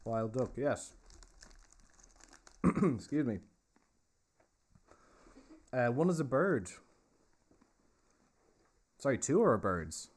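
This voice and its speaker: A chatty man hosts a casual virtual pub tour and quiz. His voice sits at an ordinary middle pitch. He keeps a joking, easygoing tone, confirming answers and telling pub stories. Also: very animated, very slow, pauses often. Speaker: host and pub guide. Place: inside a pub.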